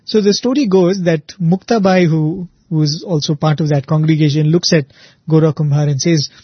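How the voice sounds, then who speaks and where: A man retelling a devotional saint story in a relaxed, conversational way, often pausing with "you know" and "uh". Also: fairly high pitch, slightly rough, dry recording, muffled recording. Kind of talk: spiritual storytelling talk.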